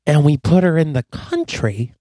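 A man's voice: fairly high pitch, very animated, normal speed, warm tone, no echo. A man improvising a self-important male podcaster who talks hesitantly with pompous asides in a comedy sketch. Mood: excited. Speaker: podcast co-host.

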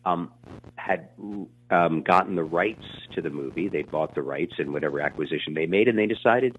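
A man in his sixties telling stories in an interview, rambling and animated, with many fillers and restarts. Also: low voice, normal speed, slight background noise. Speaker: actor being interviewed. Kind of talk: casual storytelling interview. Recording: tinny phone line.

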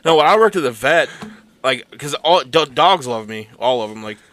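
A man's voice: medium pitch, animated, normal speed, background noise. A young man co-hosting a casual podcast, telling stories in a laid-back way with lots of fillers. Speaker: podcast co-host. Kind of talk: casual comedic chat.

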